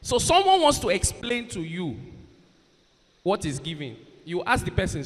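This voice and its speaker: This man's voice is high and swoops wildly in pitch at a normal speed as he does stand-up banter and stage hosting. Working as a comedian and event MC, he ribs the audience and pumps up the crowd from the stage of a big university event hall. The PA carries a long hall reverb.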